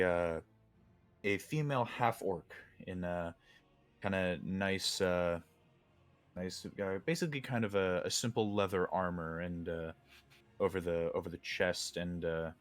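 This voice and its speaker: A man narrating a tabletop game as game master. His voice is deep and his narration halting, full of searching pauses. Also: a bit bright, dry recording. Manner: halting, many fillers.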